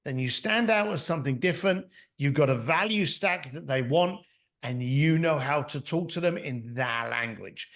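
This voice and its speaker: A man's voice: a little high, expressive, normal speed, fairly bright tone. A middle-aged man, an author and mentor, speaking as a podcast guest. He talks bluntly in anecdotes and acts out what other people said. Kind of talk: conversational storytelling.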